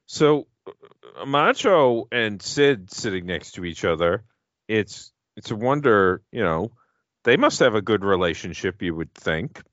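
Low-voiced joking man, dry mic. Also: animated, unhurried, a bit bright, no room sound, lo-fi sound. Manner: laughing, rambling, joking. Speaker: podcast co-host. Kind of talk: casual chat over a video.

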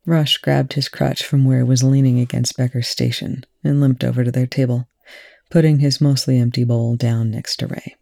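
A reader narrating a fan fiction chapter aloud in an even, unhurried way. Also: mid-range voice, vocal fry, dry recording, studio quality. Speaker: audiobook reader.

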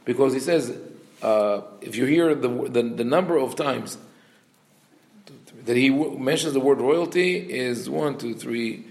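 A man giving an animated teaching talk. He often restarts and corrects himself mid-sentence, and he acts out the quotes he reads. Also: medium pitch, measured pace, creaky. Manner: frequent restarts and self-corrections. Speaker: religious teacher. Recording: roomy echo.

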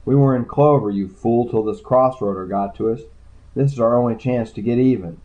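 A man's voice: mid-range voice, brisk, mellow, lo-fi sound, natural voice. Man playing a sneering gambling-house owner. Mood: scornful. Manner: sneering, scornful.

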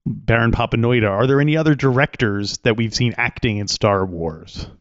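A man's voice: mid-range voice, normal speed, no room sound, lo-fi sound. A man co-hosting a casual podcast, asking questions and chatting along. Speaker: podcast co-host. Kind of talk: casual chat.

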